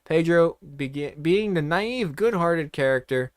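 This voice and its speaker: A man's voice: on the high side, lively intonation, a little slow, no echo, studio quality. A man reading a comedic story aloud in a playful, mock-dramatic way, breaking off for joking asides.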